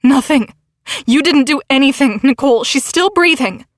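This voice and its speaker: Lady voicing a tough bossy teen girl in a storybook, snapping out orders, kinda high. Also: expressive, normal speed, no echo, studio quality. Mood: reassuring. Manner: urgent, commanding.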